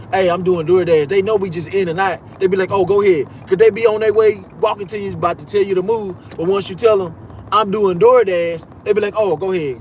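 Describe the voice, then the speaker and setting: A young man telling a story in a casual, animated rant, swearing often and repeating himself. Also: sits high, slight background noise.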